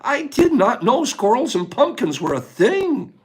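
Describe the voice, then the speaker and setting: Animated high-voiced man chatting. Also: measured pace. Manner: animated, chatty, laughs often. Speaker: livestream host. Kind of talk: casual livestream chat.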